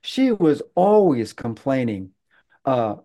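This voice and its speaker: A man speaking as a guest, telling a story in a halting way with many fillers and restarts. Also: mid-range voice, very animated, mellow. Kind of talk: conversational storytelling.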